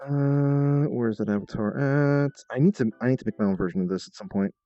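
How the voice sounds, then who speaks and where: A man's voice: mid-range voice, fairly quick, dark tone, dry recording, muffled recording. A man streaming a role-play game, thinking aloud about what to do next. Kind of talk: casual live-stream commentary.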